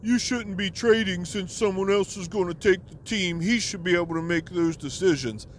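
Man doing whiny middle-aged guy, nagging, mocking, higher pitch, odd timbre. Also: moderate pace, slight background noise, natural voice. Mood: whining. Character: whiny middle-aged man complaining in a fantasy football league.

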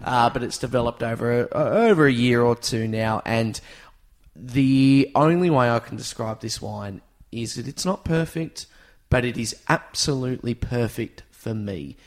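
A man's voice: mid-range voice, a little slow. A man hosting a podcast, talking in an enthusiastic, jokey way. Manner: enthusiastic, jokey, prone to laughing asides. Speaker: podcast host. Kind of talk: casual chat.

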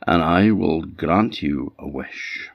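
A man voicing a gentle magic golden fish. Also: very deep voice, slow, gravelly, heavily acted. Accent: Orkney. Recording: dull lo-fi sound.

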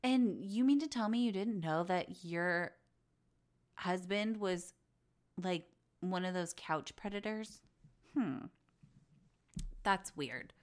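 A woman's voice: lowish voice, takes it slowly, pauses often. Chatty woman podcaster, blunt and candid. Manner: chatty, blunt, swears freely, acts out quotes. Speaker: podcast host. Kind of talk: casual gossip commentary.

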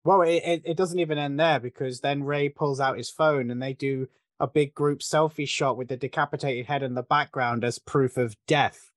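Brief: male podcaster, mid-pitched, analytical film talk, dry close mic. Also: steady tone, moderate pace, no room sound. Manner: thoughtful, analytical, with frequent restarts. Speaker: podcast co-host discussing a film. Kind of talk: casual film discussion.

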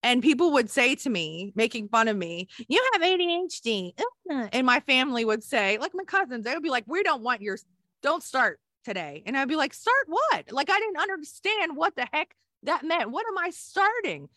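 A woman's voice: sits high, animated, moderate pace, sharp tone, no echo, clean studio sound. A middle-aged woman, a nurse, telling her story candidly in an emotional, rambling way with many restarts. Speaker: guest, nurse.

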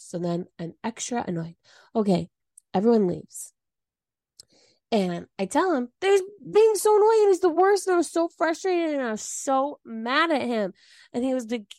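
A woman's voice: medium pitch, dry recording, studio quality. A woman co-hosting a podcast, telling a story in casual chat and acting out the quotes with big swings in her voice. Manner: animated storytelling, acts out quotes. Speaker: podcast co-host.

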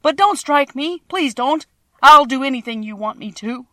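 A woman's voice: mid-range voice, expressive, brisk, a bit bright, no echo. A woman voicing a timid little male wizard who is a humbug, speaking meekly in a trembling voice. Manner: trembling, meek, pleading.

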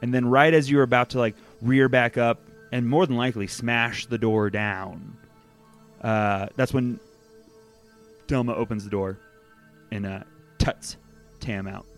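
A man narrating as game master of a tabletop game, lively, laughing often and hesitating with fillers. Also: medium pitch, measured pace, long pauses, soft background music.

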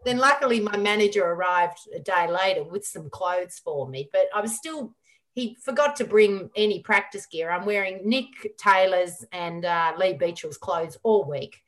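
A middle-aged woman, a guest on an interview show, telling a lively story full of quoted dialogue. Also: mid-range voice, moderate pace. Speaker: guest, former squash champion.

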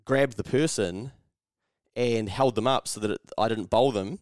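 A man's voice: medium pitch, moderate pace, a little mellow, dry recording, clean studio sound. A man with a New Zealand accent co-hosting a podcast, telling stories in casual chat, swearing freely and acting out other people's voices. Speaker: podcast co-host.

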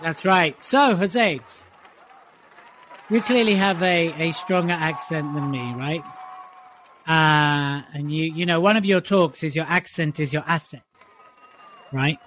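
A man with an English accent co-hosting a podcast in a casual, teasing manner. His voice sits a little high, and he keeps the chat light and jokey. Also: slow, pauses often, a bit bright, some chatter behind, slight background noise. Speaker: podcast co-host.

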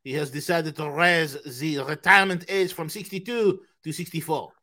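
A man's voice: on the high side, fairly even intonation, normal speed, sharp tone. A man putting on an exaggerated fake French accent to play a fed-up Frenchman, complaining theatrically. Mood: mock outrage. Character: mock-indignant Frenchman fed up with austerity.

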